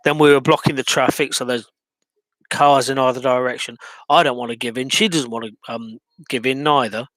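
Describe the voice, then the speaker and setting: Man, mid pitch, halting and reflective, lots of ums, dry close recording. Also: a bit bright, dry recording. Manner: hesitant, many ums and restarts, reflective. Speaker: vlogger. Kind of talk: personal monologue.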